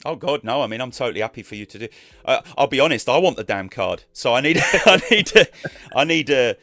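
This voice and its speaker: A man's voice: mid-range voice, expressive, brisk, pushed and bright, no echo. A man chatting casually as a guest on a live stream, rambling and restarting his sentences.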